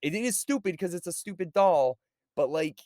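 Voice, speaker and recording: A man co-hosting a casual movie podcast, with a lively, swooping voice. He breaks into acted-out lines from the film. The sound is dry and close. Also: moderate pace, dry recording. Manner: animated, acts out movie lines in high yelps. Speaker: podcast co-host.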